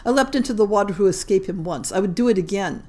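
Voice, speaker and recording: A woman's voice: a little high, normal speed, warm tone, close to an everyday voice. A woman reading a short story aloud, voicing a tearful young Frenchwoman in hiding, in an earnest, urgent way. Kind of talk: audiobook reading.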